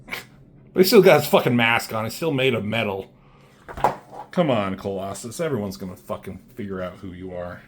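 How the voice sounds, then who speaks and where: Background noise accompanies a man with a fairly low voice speaking at a moderate pace. He offers casual, rambling commentary on a comic book, cursing often and using plenty of "um" and "like."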